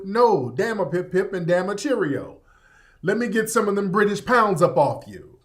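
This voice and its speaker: A man hosting a radio show in a casual monologue that is animated, joking and full of profanity and street slang. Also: high-pitched, a little slow.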